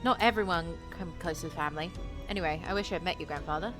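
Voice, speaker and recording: A woman voicing a friendly, curious tattooed man while reading visual novel dialogue aloud in her own lowish voice. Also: fast, over music, lightly acted.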